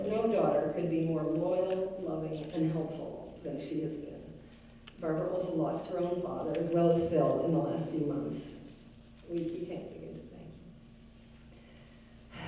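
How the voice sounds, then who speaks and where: Middle-aged woman, halting eulogy in a hall. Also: fairly low pitch, dark tone, slight background noise. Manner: halting, with frequent ums and restarts. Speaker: daughter giving a eulogy. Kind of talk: memorial speech. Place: large synagogue hall. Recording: echoey hall from far off.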